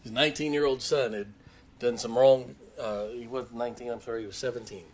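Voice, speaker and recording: An older man with a drawl preaches to his congregation. He spins folksy, laughing stories, and his voice sits at an ordinary middle pitch. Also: fairly even intonation, a little fast. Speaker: pastor. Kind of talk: sermon.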